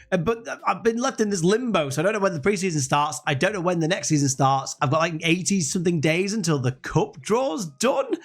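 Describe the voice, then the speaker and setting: Young gaming commentator, high and animated, rambling and jokey. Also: male voice. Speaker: gaming YouTuber. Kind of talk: let's-play commentary.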